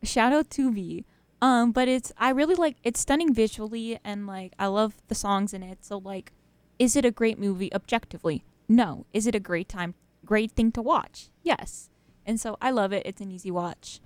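A woman's voice: medium pitch, moderate pace, clear, resonant tone, no room sound. A young woman hosting college freeform radio, chatting casually and rambling between songs with lots of fillers and laughs. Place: radio studio.

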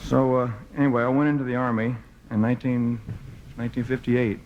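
A man from the American South talks to a live concert crowd in loose, self-mocking stage banter. His voice sits at a middle pitch, and he stumbles through fillers and restarts as he spins his stories. A faint layer of noise runs under the recording. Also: flat delivery, fairly quick, narrow, tinny audio. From Memphis, southern United States. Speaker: singer performing live on stage. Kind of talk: joking stage banter between songs.

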